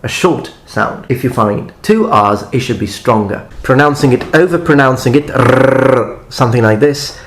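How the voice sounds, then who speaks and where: A man giving a language lesson on his channel, explaining pronunciation carefully and modeling words for the listener to repeat. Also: medium pitch. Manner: careful, deliberate pronunciation drills. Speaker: language tutor.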